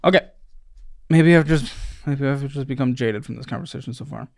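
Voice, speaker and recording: A man's voice: medium pitch, a little fast, gravelly, a little mellow, no echo, studio quality. A man hosting a financial audit, questioning a guest bluntly with sarcasm and growing irritation. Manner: exasperated, sarcastic, swings from mutters to outbursts. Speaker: host.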